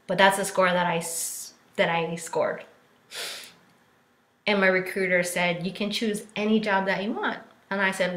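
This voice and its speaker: Woman, thirties, life coach, casual live-stream talk, candid, lowish voice, echoey room. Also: fairly bright tone. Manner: candid, chatty, many fillers, acts out quotes. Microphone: phone or laptop for a live stream. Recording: roomy echo.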